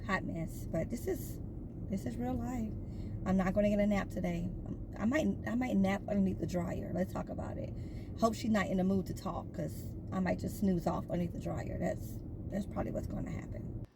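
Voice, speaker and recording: Woman vlogger, mid-pitched, chatty and rambling, noisy home recording. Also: steady tone, moderate pace. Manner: chatty, storytelling with lots of fillers and asides. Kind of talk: casual chat.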